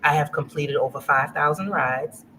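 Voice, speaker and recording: A middle-aged woman from Louisiana talks as a guest in a casual interview, telling her business story with lots of animation. She acts out what people said to her and laughs often, and clear background noise runs under her voice. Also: deep voice, moderate pace, a bit bright. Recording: noisy livestream audio.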